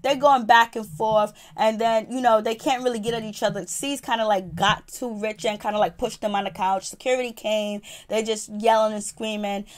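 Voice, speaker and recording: A woman reviewing a reality TV episode in a profane, animated, casual storytelling style. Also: on the high side, normal speed, few pauses. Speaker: TV show reviewer.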